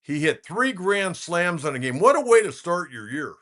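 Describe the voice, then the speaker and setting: A man's voice: high-pitched, sing-song, moderate pace, a bit bright. An older man in his sixties, from California, runs a casual sports talk show. He tells stories in a folksy, rambling way and leans on filler words as he goes. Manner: folksy, rambling storyteller with many filler uhs. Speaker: sports radio host.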